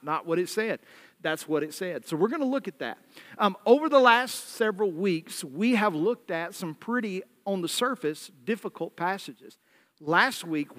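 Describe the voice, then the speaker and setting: A pastor from the American South with a Southern American accent, giving an evening sermon in a conversational preaching style and reading scripture aloud. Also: male voice, high-pitched, fairly bright tone, long reverb tail.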